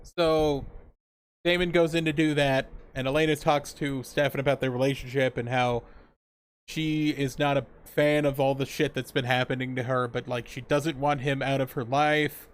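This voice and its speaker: A man's voice: medium pitch, steady tone, normal speed, clean tone. A man casually recapping a TV episode on a podcast, swearing freely and laughing as he acts out characters' lines. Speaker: podcast co-host.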